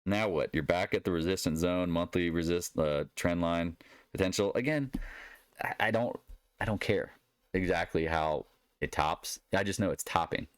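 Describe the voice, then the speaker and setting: A man's voice: sits low, normal speed, smooth, dry recording. A man giving a rambling solo market recap in a blunt, sarcastic manner. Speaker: market commentator.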